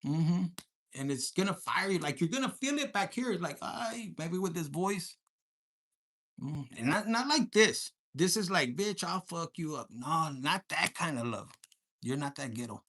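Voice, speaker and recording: Speaking at a normal speed in a mid-range voice, a tarot reader runs through a casual collective reading. The tone is spirited and crude, and she mixes Spanish words into her talk.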